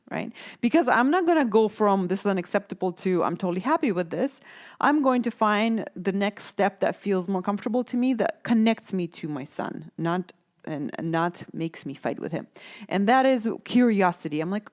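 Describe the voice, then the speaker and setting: A woman's voice: medium pitch, animated, moderate pace. A middle-aged woman hosts her own parenting podcast, talking alone to her listeners. She thinks aloud as she goes, often correcting herself and tagging her points with a questioning "right?". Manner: reflective, self-correcting, frequent "right?" tags. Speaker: podcast host, parenting coach. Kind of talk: casual solo podcast talk.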